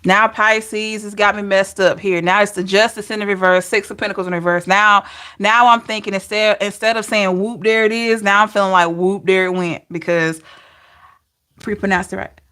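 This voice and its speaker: A woman's voice: medium pitch, steady tone, moderate pace, bright, forceful tone, clean tone. Chatty Southern woman reading tarot. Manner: chatty, laughing, talking to live chat. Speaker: tarot reader. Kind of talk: live-stream tarot reading.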